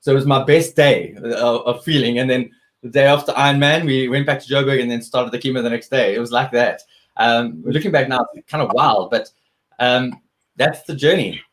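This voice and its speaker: A man's voice: medium pitch, normal speed, fairly bright tone. A man, a guest athlete telling his story earnestly in an interview, often restarting his sentences.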